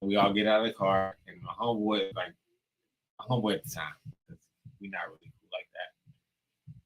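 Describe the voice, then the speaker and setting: A man's voice: fairly low pitch, fairly quick, slight background noise, low-quality recording. A young man on a podcast, casually telling a profane story and acting out the dialogue. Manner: animated, profane, acts out dialogue.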